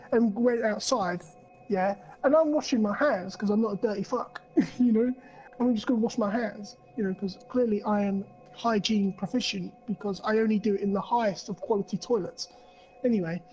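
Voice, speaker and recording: A man's voice: high-pitched, a little mellow, breathy edge, rough recording. A young man on a podcast, rambling through a crude story and swearing a lot. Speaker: podcast co-host. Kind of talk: casual chat.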